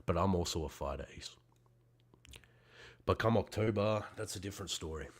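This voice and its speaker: A man talking as a wrestler guest in fiery promo style, profane and intense, swinging between shouting and quiet, heartfelt passages. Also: low-pitched, moderate pace.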